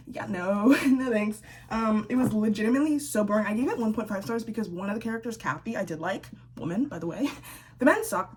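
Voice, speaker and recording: A young woman in a casual, sassy book-review rant, chatty and laughing often, with a slightly husky voice. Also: a little high. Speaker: book vlogger.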